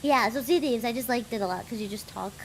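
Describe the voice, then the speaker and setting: A woman guest streamer chatting casually on a collab stream, soft-spoken and trailing off, with many fillers. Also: fairly high pitch, quick pace, slight background noise.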